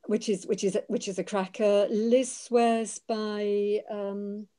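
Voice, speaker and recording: Woman panellist, warm mellow tone, enthusiastic, halting, repeats words. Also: mid-range voice, little pitch movement. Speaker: botanist panellist. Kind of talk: casual webinar answer.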